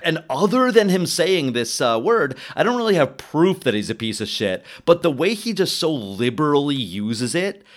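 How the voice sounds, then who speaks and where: A man in casual film-discussion chat, animated, acting out characters' lines as he talks. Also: normal speed, hardly any pauses. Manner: animated, swings pitch, acts out quotes.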